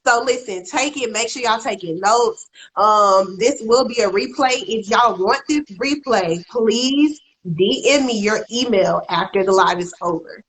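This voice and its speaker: A woman's voice: fairly high pitch, measured pace, a bit bright, rough recording. Hyped woman hosting a live stream. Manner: hyped, chatty, talks straight to viewers. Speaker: host.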